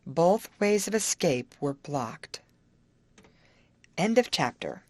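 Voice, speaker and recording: Low-voiced woman reading a novel. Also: slow pace, no echo. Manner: expressive storytelling. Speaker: audiobook reader. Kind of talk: scripted narration.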